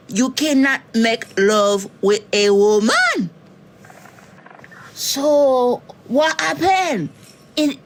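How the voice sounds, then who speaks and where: Woman voicing a cartoon inmate guy, hot-tempered, blunt, broken creole English, highish voice, drawn-out speech. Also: a little hiss or hum, heavily acted. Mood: confused. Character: hot-tempered young male prison inmate. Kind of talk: cartoon voice acting.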